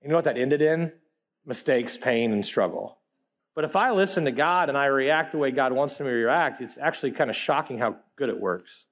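A man preaching a sermon in a casual, animated way, full of slang, swinging between loud emphatic bursts and quiet low asides. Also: moderate pace.

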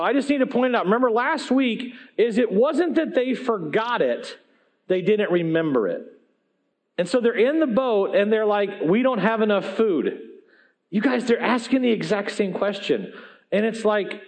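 A man preaching a sermon as pastor, telling folksy stories with animated asides. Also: sits high.

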